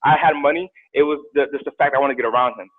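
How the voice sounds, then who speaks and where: A man's voice: a little high, rapid-fire. A man guest on a podcast, telling stories in a casual chat and acting out the voices of the people in them. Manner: animated storyteller, acts out quoted voices. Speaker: podcast guest, motivational speaker. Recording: tinny phone-like line.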